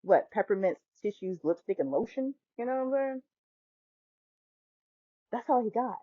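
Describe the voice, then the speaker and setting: A woman in her forties tells a personal story as a podcast host. She talks in an animated way and acts out the people she quotes. The sound is tinny and phone-like, with a dry, close feel. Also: fairly high pitch, normal speed, dry recording. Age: 40s. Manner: animated, acts out quoted voices, laughs often. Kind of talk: storytelling monologue.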